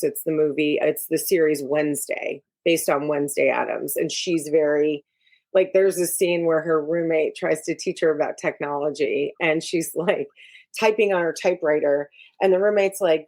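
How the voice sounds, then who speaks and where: A slightly mellow woman's voice that sits low moves along at normal speed. The middle-aged executive coach is a guest in a casual interview, dispensing advice frankly and emphatically.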